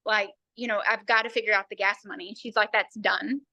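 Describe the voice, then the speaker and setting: Bright, earnest woman telling her story. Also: medium pitch, flat delivery, a little fast, creaky, no room sound, lo-fi sound. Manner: earnest storytelling, quoting others. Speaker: team member sharing a story. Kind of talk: personal testimony on a team call.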